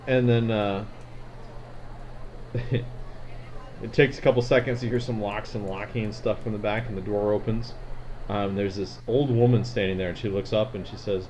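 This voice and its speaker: A man running a tabletop game as game master, narrating in a relaxed, rambling way with many fillers. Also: fairly low pitch, fairly quick. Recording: slightly dull recording, faint noise.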